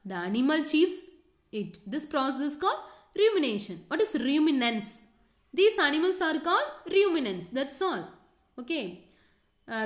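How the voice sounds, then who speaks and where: A school teacher with a fairly high, slightly bright voice runs a science lesson, repeating questions and key words and filling pauses with "okay." She keeps telling students what to underline and draw, and the echoey sound suggests a roomy space.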